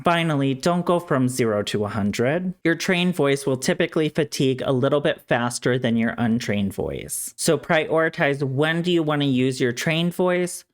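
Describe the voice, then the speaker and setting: Calm man explaining voice training. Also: medium pitch. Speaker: speech-language pathologist. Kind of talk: educational explainer to camera.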